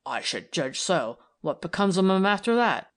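A woman's voice: on the low side, sing-song, moderate pace. A woman reading aloud and voicing a skeptical, dry-witted male detective who speaks curtly and ironically. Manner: gruff, ironic, curt.

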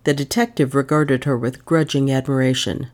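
A woman reading a novel aloud as an audiobook narrator, with expressive storytelling. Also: a bass voice, normal speed. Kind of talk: scripted narration.

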